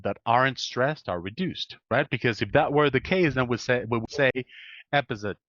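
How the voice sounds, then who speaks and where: A man's voice: medium pitch, normal speed, a bit bright, dry recording, lo-fi sound. A man teaching English pronunciation one-on-one, patiently correcting and modeling sounds on a video call.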